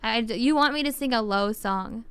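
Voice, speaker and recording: A woman's voice: a little high, moderate pace, clean tone, no echo. A woman streamer chatting casually on a livestream, thinking aloud and rambling with lots of fillers.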